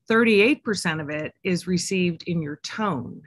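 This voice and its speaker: A woman's voice: fairly low pitch, a little slow, dry recording, clean studio sound. A woman working as an executive coach, giving a conversational, teacherly webinar presentation with frequent fillers.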